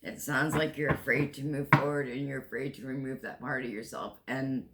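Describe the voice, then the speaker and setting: A man's voice: mid-range voice, steady tone, moderate pace, hardly any pauses, fairly bright tone, a little hiss or hum. A man in his sixties giving a spiritual tarot reading, earnest and emotional, often repeating and restarting phrases. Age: 60s. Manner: emotional, tearful at times, earnest and encouraging. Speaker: tarot reader. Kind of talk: spiritual card reading monologue.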